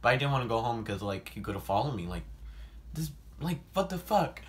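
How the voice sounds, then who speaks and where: A young man telling a personal story in a casual vlog. He talks animatedly, swears a lot, fills his speech with "like", and breaks into sudden loud outbursts. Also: medium pitch, sing-song, a little fast. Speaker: vlogger.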